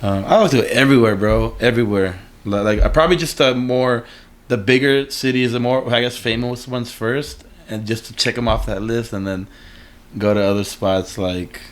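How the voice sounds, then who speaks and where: A man's voice: medium pitch, moderate pace. A man in a casual interview, rambling with lots of fillers and slang. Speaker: artist guest.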